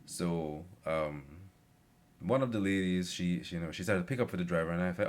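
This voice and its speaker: A man's voice: low-pitched, brisk. A young man rambling through a casual story with lots of fillers. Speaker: vlogger.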